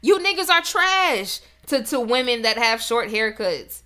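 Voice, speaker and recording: Young woman podcast host, bright tone, slightly high pitch, emphatic and profane. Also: sing-song, unhurried, smooth. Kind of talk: casual podcast rant.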